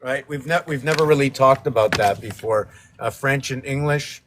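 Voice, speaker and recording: A man's voice: mid-range voice, moderate pace, a bit bright, slight background noise. A man hosting a casual painting livestream, rambling playfully through wordplay and letter puzzles. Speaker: livestream host painting on camera.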